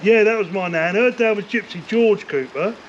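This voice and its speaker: An older man spins long, rambling stories in an interview, swearing freely and leaning on "like" and "you know." His voice sits high for a man. The recording is dull and lo-fi, with a faint hiss behind it. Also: moderate pace. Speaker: interview guest, former bare-knuckle fighter. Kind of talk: casual storytelling interview. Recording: dull lo-fi sound with faint noise.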